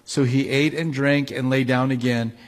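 A man's voice: medium pitch, steady tone, normal speed. A male pastor preaching a sermon, reading scripture with building emphasis and then explaining it casually.

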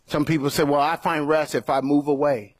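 Husky-voiced preaching pastor, a man. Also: fairly high pitch, a little fast, dry recording. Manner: animated preaching, acts out voices of doubters, laughs. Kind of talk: sermon. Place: church.

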